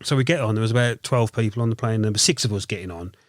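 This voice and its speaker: A man's voice: fairly low pitch, very fast, dry recording, studio quality. A man from Birmingham with a Brummie accent, a podcast guest telling a story and acting out what people said. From Birmingham, England. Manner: animated storyteller, acting out others' lines. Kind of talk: casual anecdote telling. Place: podcast studio.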